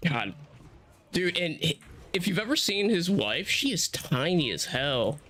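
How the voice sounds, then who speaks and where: A man in casual stream chat, animated and profane, laughing often. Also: on the high side, measured pace.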